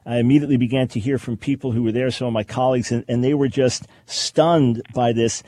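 A man's voice: medium pitch, steady tone, brisk, dark tone. A man hosting a radio talk show, speaking emphatically with frequent restarts. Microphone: studio microphone.

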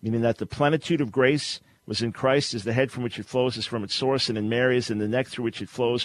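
A man's voice: fairly even intonation, quick pace, few pauses, dry recording. Emphatic male radio host. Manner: emphatic, rising pitch when pressing a point. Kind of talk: call-in debate.

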